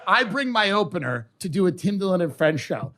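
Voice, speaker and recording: A male comedian telling an animated anecdote, acting out voices as he goes. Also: sits high, a little fast. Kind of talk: comedic storytelling.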